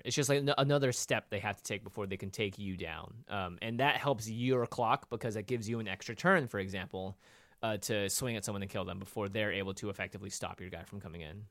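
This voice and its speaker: A man's voice: on the low side, fairly bright tone, no room sound, studio quality. A man co-hosting a card game podcast, reading card text aloud and explaining it eagerly, with lots of fillers. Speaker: podcast co-host. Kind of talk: casual chat.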